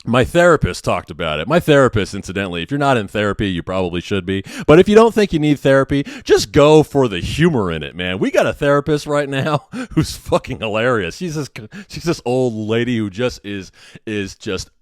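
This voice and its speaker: A man in his thirties delivering a profane, sardonic rant in a blunt, conversational voice. His pitch sits in the middle range, and the close mic gives a dry, roomless sound. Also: big pitch swings, brisk, no echo. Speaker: podcast host, hospital worker. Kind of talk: ranting monologue.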